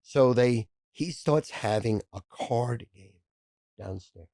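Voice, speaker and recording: A man in his sixties, a podcast guest, telling profane stories in a rapid-fire, casual way. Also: mid-range voice, mellow, no room sound, clean studio sound. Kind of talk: casual storytelling.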